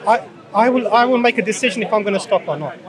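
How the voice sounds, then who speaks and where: A man in an outdoor street debate, speaking in a measured way and building his points with everyday examples into a handheld mic. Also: sits high, expressive. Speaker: Muslim preacher. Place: outdoors in a public urban space. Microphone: handheld microphone held out by a crew member. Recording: street recording with crowd behind.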